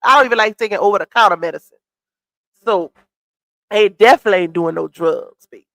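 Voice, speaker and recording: A woman's voice: medium pitch, fairly quick, dry recording. A woman with a cold and a stuffy, congested voice, hosting a casual live stream commentary, sassy and chatty as she greets her chat.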